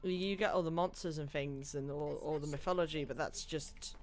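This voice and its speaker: A woman's voice: low voice, steady tone, moderate pace, faint music behind. A woman streaming a video game, chatting casually and rambling as she plays, swearing and laughing at her mishaps. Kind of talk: casual gameplay commentary.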